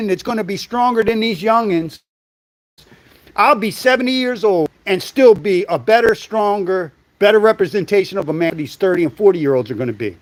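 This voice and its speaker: A middle-aged man hosting a livestream, giving a blunt, profane opinion monologue and telling stories from his childhood. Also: high voice. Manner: blunt and profane, storytelling with acted quotes. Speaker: livestream host.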